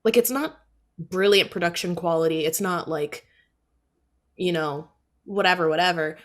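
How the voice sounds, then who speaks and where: A woman's voice: lowish voice, normal speed. A young woman chatting casually as a guest on a stream, rambling and breaking off her sentences, often laughing. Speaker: voice actor guest.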